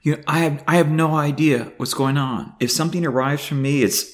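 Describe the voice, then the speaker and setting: An older man talking to the camera in a personal video diary, halting and emotional, with many fillers and restarts. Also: mid-range voice. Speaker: vlogger.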